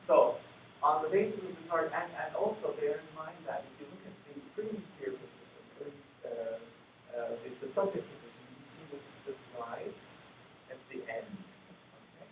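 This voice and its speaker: Man, conference lecture, halting with fillers, distant mic, roomy hall, audible hiss. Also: on the high side. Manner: measured, many fillers and restarts. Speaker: plenary lecturer. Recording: echoey hall from far off with noise.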